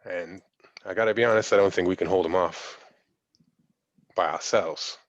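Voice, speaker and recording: A man's voice: deep voice, moderate pace, dry recording. A man playing his character in a tabletop game, drawling and folksy, hesitant at times, on a dull lo-fi mic. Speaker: player. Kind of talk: in-character tabletop role-play.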